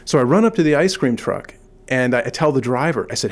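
A man's voice: medium pitch, animated, fast talker. Earnest, enthusiastic middle-aged man. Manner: earnest and enthusiastic, with frequent restarts. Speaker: kindness advocate, guest. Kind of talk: casual interview talk, storytelling.

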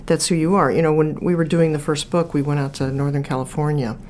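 A woman's voice: low voice, level tone, fast, a little mellow, a little hiss or hum. A woman author, talking casually as an interview guest and telling stories with lots of fillers and restarts. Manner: chatty storyteller, many restarts and fillers. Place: from Chicago.

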